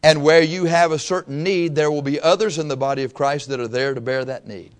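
A man's voice: fairly high pitch, brisk. A male pastor preaching a conversational sermon in a church, telling stories and acting out little exchanges of dialogue. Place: church sanctuary.

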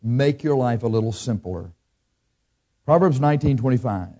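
A man preaching a sermon as pastor, blunt and emphatic, acting out people's excuses in a higher whiny voice. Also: lively intonation, normal speed, mellow.

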